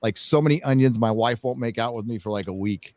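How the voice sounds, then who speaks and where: A man's voice: medium pitch, fast talker, a little mellow. A man hosting a live stream, chatting casually and bluntly with lots of swearing while reading out donations. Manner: blunt and profane, reads out donations. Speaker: host.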